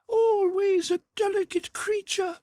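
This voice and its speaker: An eerie, very high ghostly voice. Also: male voice, steady tone, measured pace, darkish tone, no room sound, clean studio sound. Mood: solemn.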